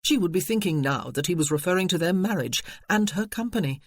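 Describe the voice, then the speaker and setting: Measured audiobook narrator, dry close sound. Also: medium pitch, expressive, dry recording. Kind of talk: scripted narration.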